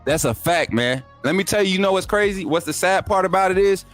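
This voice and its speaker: A young man hosts a casual sports livestream, thanking viewers and joking with them. He talks with energetic, laughing, teasing banter, his voice sitting a little high. Faint music plays quietly behind him. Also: a little fast. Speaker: YouTube sports show host. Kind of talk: casual livestream chat reading super chats.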